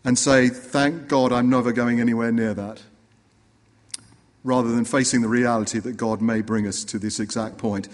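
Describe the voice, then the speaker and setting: Earnest preacher in an echoing hall. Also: male voice, mid-range voice. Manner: earnest, rising for emphasis, dropping to quiet. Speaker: pastor. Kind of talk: sermon.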